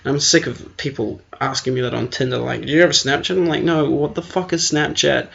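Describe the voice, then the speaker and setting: Young kiwi guy, gravelly, swearing nonstop, making fun of himself, muffled lo-fi audio. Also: mid-range voice, fairly even intonation, a little fast, fairly bright tone. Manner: profane, self-deprecating, ranting. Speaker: podcast co-host. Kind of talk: crude comedic rant. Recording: dull lo-fi recording.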